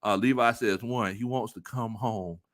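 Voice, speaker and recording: A man hosting a casual sports talk stream, reading viewer comments aloud and laughing often. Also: normal speed. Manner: animated, laughs often, jumps into high-pitched squeals. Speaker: sports talk show host.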